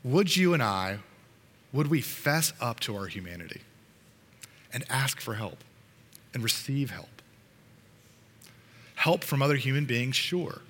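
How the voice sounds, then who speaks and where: A man's voice: medium pitch, expressive, a little slow, pauses often, a bit bright, long reverb tail. A man preaching a sermon to his congregation in an earnest, conversational way, sometimes restarting his sentences. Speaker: pastor.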